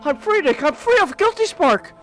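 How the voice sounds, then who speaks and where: High, lively man reacting to gameplay. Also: normal speed, faint music behind. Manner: excitable, loud outbursts and stammered restarts while gaming. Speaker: podcast host playing a video game. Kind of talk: casual live-stream chat.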